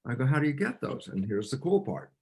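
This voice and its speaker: A man, a cell biologist, explaining ideas in an interview as an animated storyteller, with frequent restarts and filler words. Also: medium pitch, fairly quick, husky.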